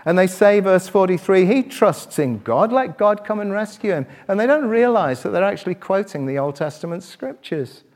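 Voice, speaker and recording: A middle-aged man preaching a sermon, asking his listeners direct questions and swinging between loud, quick passages and quiet, slow reflection. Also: sits high, expressive. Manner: rises loud and fast when stirred, drops quiet and slow to reflect.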